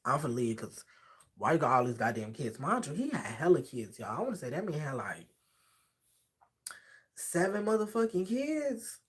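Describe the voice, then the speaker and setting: A man chatting on his livestream, spinning a story with plenty of sass. His pitch swings up and down as he talks. He acts out other people's lines as he goes. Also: moderate pace, long pauses. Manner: sassy, animated, acts out quoted voices.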